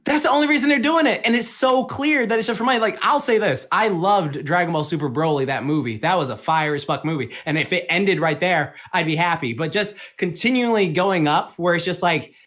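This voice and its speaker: A fired-up man in casual podcast chat, a bit higher-pitched than most men, swearing freely as he rants. He tells the story at speed and slips quoted lines into it. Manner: heated, profane ranting; fast, animated storytelling with quick put-on quotes. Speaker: podcast co-host.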